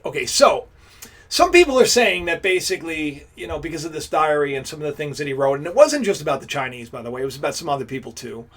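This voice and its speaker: A man hosting a casual live stream, talking straight to his viewers, greeting them and rambling with frequent restarts. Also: on the high side. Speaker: livestream host.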